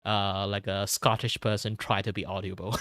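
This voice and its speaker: A man's voice: lowish voice, level tone, moderate pace, a bit bright, dry recording, clean studio sound. A young man from Malaysia chatting casually on a stream, rambling with lots of "like" and repeated words. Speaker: streamer, artist.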